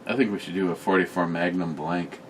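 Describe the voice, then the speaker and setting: A deep-voiced man talks fairly fast, picked up from a distance in a very noisy recording. He co-hosts a casual beer review channel from home, and in the banter he tells animated stories full of crude jokes.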